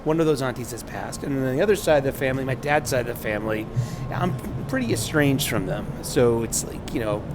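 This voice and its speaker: A middle-aged man vlogging on a subway train, talking candidly in a rambling monologue with joking asides. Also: brisk. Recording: loud rumbling train noise. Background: subway train and announcements.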